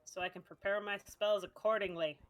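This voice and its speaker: A woman player at a tabletop game, chatting casually with quick asides and laughs. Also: medium pitch, steady tone.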